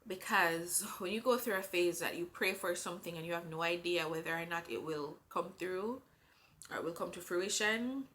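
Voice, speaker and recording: In her personal vlog, a pregnant Jamaican-accented woman talks from the heart, earnest and unhurried, her faith strong throughout. She has a fairly low pitch and a sharp tone.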